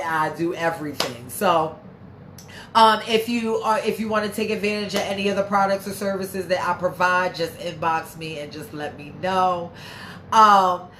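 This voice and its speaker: A woman's voice: medium pitch, a bit bright, a little hiss or hum. Sassy, stuffy-nosed woman livestreaming. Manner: sassy, brash and swearing; chatty, reads viewer comments aloud. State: stuffy, congested. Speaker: livestream host. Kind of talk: casual livestream chat. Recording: echoey room.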